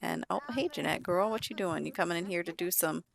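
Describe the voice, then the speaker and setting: A woman's voice: lowish voice, fast, vocal fry. A young woman, a mother, chatting casually as she plays a life-sim game for viewers. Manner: chatty, bubbly, talks to viewers as "girl" and "guys". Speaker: gaming channel host.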